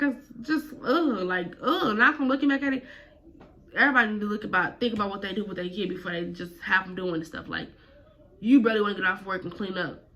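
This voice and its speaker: Woman vlogger, casual storytime, slangy and profane, bright voice. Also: medium pitch, highs cut off. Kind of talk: storytime vlog.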